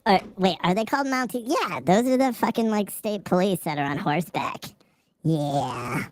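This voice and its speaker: A woman's voice: mid-range voice, expressive, darkish tone, a little hiss or hum. Brash, foul-mouthed woman streamer. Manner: brash and profane, quick to laugh. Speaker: live streamer. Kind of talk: casual live stream, reading chat aloud. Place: outdoors on a city street.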